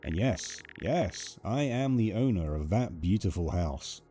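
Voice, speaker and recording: A man voicing a creepy, overfriendly male neighbor in a horror game, talking in a soft, unsettlingly sweet way. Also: deep voice, animated, measured pace. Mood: creepy friendly.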